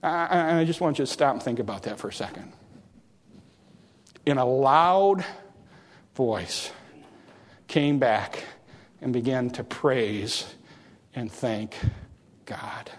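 A man's voice: mid-range voice, animated, slow, pauses often. A man preaching a sermon earnestly, repeating phrases and restarting words as he goes. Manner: earnest, repetitive, with stumbling restarts.

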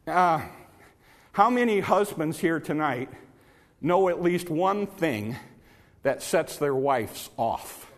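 A man's voice: a little high, animated, takes it slowly, long pauses, long reverb tail. A man preaching a sermon in church, telling folksy stories and repeating words when he presses a point.

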